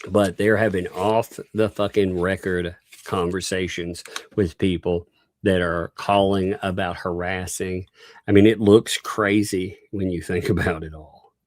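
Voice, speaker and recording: Low-voiced Southern man chatting on stream. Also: flat delivery, unhurried. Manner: laughs often, reads viewer messages aloud. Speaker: livestream host. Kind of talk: casual livestream commentary.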